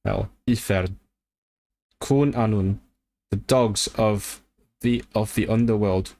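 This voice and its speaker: Speaking in a lower register, a man thinks aloud on a livestream about language learning. He's casual, keeps restarting his sentences, and lights up in quick bursts.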